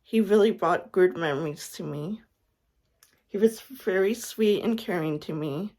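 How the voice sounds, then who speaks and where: A young woman speaks a heartfelt goodbye straight to the camera, her voice sitting a little low. She is close to tears, sighing often and stumbling through restarts as she tries to get the words out. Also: darkish tone. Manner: halting, tearful, many restarts and sighs. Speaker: fan vlogger. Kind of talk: emotional farewell message to camera.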